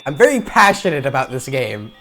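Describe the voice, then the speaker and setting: A man streaming a game live and reacting loudly, laughing and emphatic, with music behind. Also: mid-range voice, big pitch swings, fairly quick.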